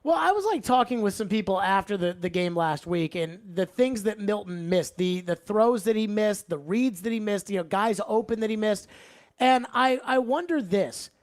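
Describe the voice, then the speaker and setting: A man hosting a sports talk radio show, opening loudly and dropping into quick asides. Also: sits high. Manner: energetic, shifts from loud openings to quick asides.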